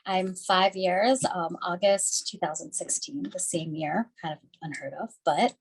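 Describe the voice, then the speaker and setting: A woman from the Chicago area on a video call, telling her own story with emotion, halting often with ums. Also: on the low side, slightly rough, poor audio. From Chicago area, USA. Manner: halting, many ums, tearful. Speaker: patient panelist. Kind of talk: emotional personal testimony.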